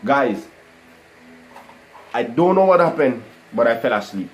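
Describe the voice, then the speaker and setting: A man telling a personal testimony to a live online audience, animated and full of "guys" and "you know". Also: mid-range voice, normal speed, long pauses, slight background noise, poor audio. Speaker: livestream host telling his testimony.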